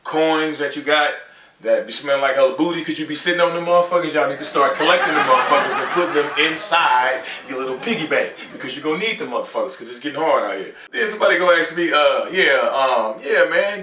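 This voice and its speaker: A man doing a stand-up comedy set, telling slangy, profane stories and squealing loudly when he acts out scenes. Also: mid-range voice, expressive, fast, slight background noise. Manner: loud squealing voices when acting out scenes. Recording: roomy live venue, distant from mic.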